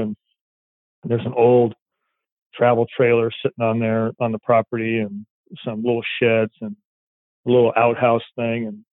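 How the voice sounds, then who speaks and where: A police dog handler telling a story in a rambling, casual way, acting out quoted dialogue. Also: male voice, mid-range voice, no echo. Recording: tinny phone-like line, dry.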